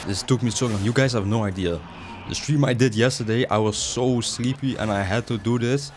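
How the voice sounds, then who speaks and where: A young man giving casual, slangy commentary over his gameplay, jumping from excited outbursts to low mumbles. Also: a little fast, background noise. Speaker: gaming streamer.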